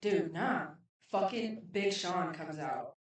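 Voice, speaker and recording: A woman's voice: lowish voice, slow pace, a loud crowd. A woman, a club promoter, telling a long story in casual chat, full of swearing and filler words, acting out what people said. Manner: animated, profane, filler-heavy, acts out dialogue. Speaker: podcast guest, club promoter. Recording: roomy echo, distant mic.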